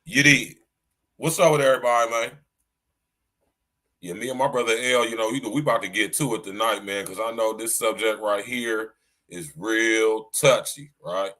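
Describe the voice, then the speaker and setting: A man hosting his own podcast, talking loud and casual in a slangy style, coughing now and then and saying "man" at the end of nearly every line. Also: lowish voice, fairly even intonation, normal speed. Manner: loud, slangy, repeats "man" and "you know what I'm saying". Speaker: podcast host.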